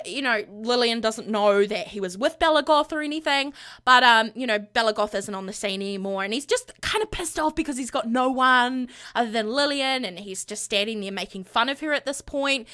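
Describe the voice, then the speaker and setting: Bright, chatty woman gaming vlogger. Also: on the high side, a little fast. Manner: animated, gossipy, full of fillers. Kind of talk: casual storytelling of a game.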